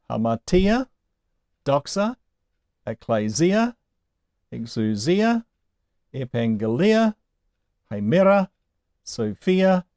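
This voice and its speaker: A man talks through a lesson at an unhurried pace, his pitch rising and falling a great deal. His voice has a mellow, dark tone, and the sound is dry and close. He keeps asking gently wry rhetorical questions. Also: dry recording. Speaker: Greek teacher. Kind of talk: recorded lesson, explaining slowly.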